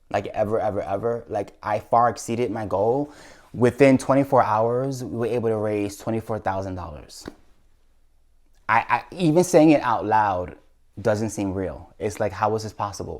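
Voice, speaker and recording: A man's voice: mid-range voice, darkish tone. A YouTuber man earnestly telling a heartfelt personal story in a vlog, with frequent restarts.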